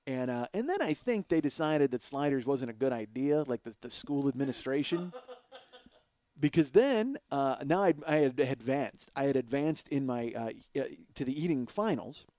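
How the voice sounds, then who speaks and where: A man hosting a podcast, telling a long comic story in a casual, animated and profane way, mocking himself. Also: mid-range voice, normal speed. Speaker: podcast host.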